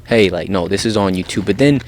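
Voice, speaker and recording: Low-voiced guy hosting a podcast, casual chat, backs up his guest a lot, faint ambience. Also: fairly quick, a little hiss or hum. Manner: supportive, frequent affirmations. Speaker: podcast host.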